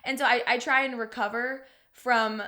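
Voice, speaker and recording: A woman's voice: on the high side, fairly even intonation, moderate pace, bright, forceful tone. A young adult woman co-hosting a podcast, telling personal stories in casual chat with lots of "like". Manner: chatty, emotional storytelling full of "like". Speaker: podcast co-host.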